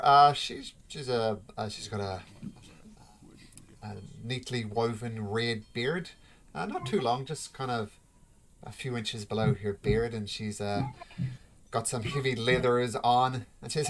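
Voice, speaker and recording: A game master narrating a tabletop game in a relaxed, halting way with many fillers. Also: medium pitch, slight background noise.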